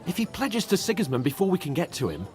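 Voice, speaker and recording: A man's voice: on the high side, huge pitch swings, fast talker, a little mellow. A cocky, crude young nobleman. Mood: impatient.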